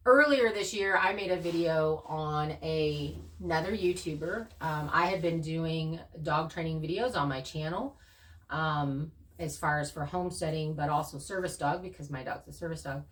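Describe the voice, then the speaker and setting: Woman, low voice, earnest storyteller, a little distant from the mic. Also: measured pace. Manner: earnest, animated storytelling with laughs. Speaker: channel co-host. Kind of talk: casual conversation.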